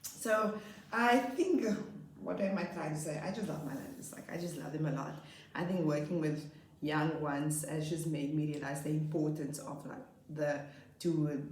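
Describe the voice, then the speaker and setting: A woman in her late twenties, a primary school teacher, telling stories about her class in a chatty, expressive way. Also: low voice. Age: late 20s. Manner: chatty, expressive, drawn-out emphasis. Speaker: grade 2 teacher. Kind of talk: casual storytelling vlog. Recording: roomy echo.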